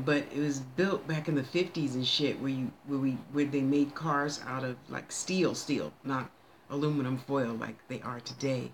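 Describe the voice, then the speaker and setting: This is a psychic medium giving a loose, casual reading out loud. The voice is folksy and talkative, drawing words out, scolding and thanking unseen spirits as if they were in the room. A faint hum of background noise sits under the talk. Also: medium pitch. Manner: chatty, folksy, bossy with spirits, drawn-out words.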